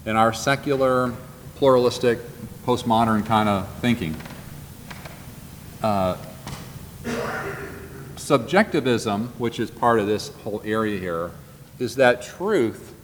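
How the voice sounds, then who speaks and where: A man teaching a Bible class from notes, earnest and deliberate, repeating and slowing down on key points. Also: medium pitch. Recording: long hall reverb, faint background noise.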